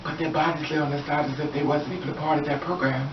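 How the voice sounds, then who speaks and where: A woman's voice: sits low, fairly even intonation, fast talker. A woman telling an impassioned story in an earnest, emphatic monologue, repeating phrases for weight. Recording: distant echoey dull noisy recording.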